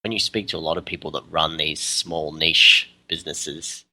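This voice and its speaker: A man with an Australian accent, a guest in a casual podcast interview, talking in an easygoing way with frequent laughs and pauses. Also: extremely low pitch, steady tone, sharp tone, no room sound. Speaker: guest, custom terrain maker.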